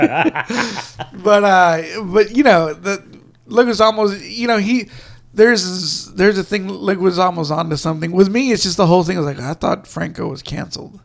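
A man's voice: high voice, normal speed, vocal fry. A man co-hosting a podcast in casual chat, rambling with lots of fillers and restarts. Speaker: podcast co-host.

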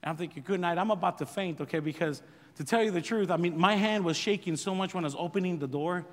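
Animated pastor with high voice, reverberant. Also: male voice, fast talker. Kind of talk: sermon testimony storytelling.

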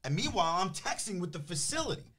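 Worked-up storyteller, New Jersey accent. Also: male voice, sits high, very animated, quick pace, bright, forceful tone. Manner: acts out both sides of phone calls, gets worked up. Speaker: business development director. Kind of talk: animated storytelling in casual chat.

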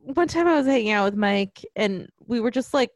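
A woman with a slightly high voice, chatting as a podcast co-host. She giggles easily between remarks, and the recording is close and dry. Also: animated, fairly quick, no echo. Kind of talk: casual chat about a movie.

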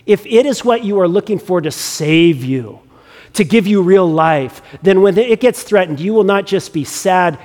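A man's voice: sits high, darkish tone, big-room sound. A man preaching a sermon as a pastor, talking conversationally and often restarting and repeating words.

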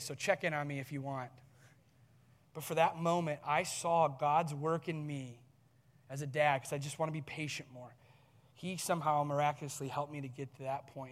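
A fairly high-voiced man preaches from the front of a large church hall, his words ringing out in a long reverb. He speaks earnestly and tells a story from his family life, laughing at himself now and then. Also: fairly bright tone. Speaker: pastor. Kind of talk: sermon with personal story.

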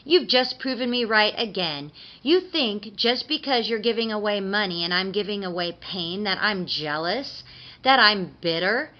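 A woman's voice: mid-range voice, expressive, moderate pace, lightly acted. A woman voicing a cruel, foul-mouthed male imp with a tail and a cane, snarling and mocking, on a dull lo-fi recording. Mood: menacing. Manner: snarling, mocking, shouting threats.

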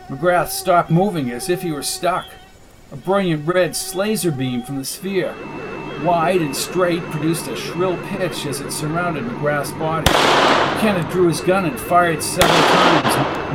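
A man with a slightly raised pitch reads a science fiction novel aloud in steady, measured narration. A faint hiss sits under his voice throughout. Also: low-quality recording. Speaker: audiobook narrator. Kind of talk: scripted narration.

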